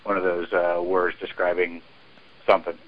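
Low-voiced male caller, rambling offhand voicemail, muffled line. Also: completely flat delivery, normal speed. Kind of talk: voicemail message. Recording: muffled phone message.

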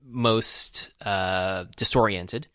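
A man's voice: on the low side, fairly even intonation, extremely slow, pushed and bright, clean tone, dry recording, clean studio sound. A man co-hosting a podcast, talking casually about a film with many fillers and restarts. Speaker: podcast co-host.

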